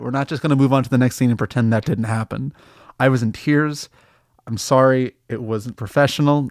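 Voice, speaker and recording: A man hosting a comedy podcast, delivering an absurd mock-serious monologue that jumps in pitch and breaks into awkward laughter. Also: dry recording, studio quality.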